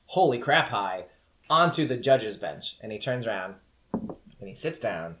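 A man's voice: on the low side, sing-song, measured pace, noisy background. A man narrating as game master, loose and casual with many fillers.

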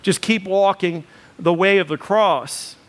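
A pastor delivers a sermon in a voice pitched high for a man. His talk is loose and conversational, full of ums, and it builds into emphatic repeated phrases. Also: a little slow. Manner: conversational preaching with fillers, rising to emphatic lists.

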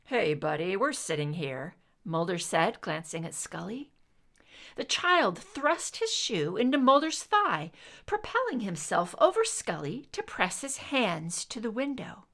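A woman narrating a story aloud in an expressive, unhurried way. Her voice sits fairly high and sounds bright. She moves her pitch up and down freely as she reads. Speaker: reader.

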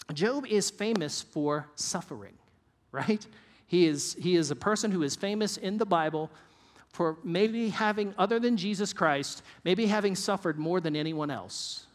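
Male pastor, high-pitched, earnest sermon delivery, hall reverb. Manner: earnest, varies pace and drops low for emphasis.

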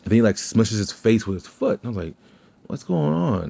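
A man's voice: fairly low pitch, steady tone, fast talker, dark tone. A man hosting a podcast in casual chat, rambling and cursing, with many restarts. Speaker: podcast host. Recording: slightly dull lo-fi sound.

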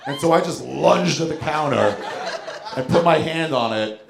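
On a comedy club stage before an audience, a stand-up comedian with a gravelly, somewhat high voice tells a story at normal speed. He's animated, acting out the voices of its characters, and the echoey room carries crowd laughter.

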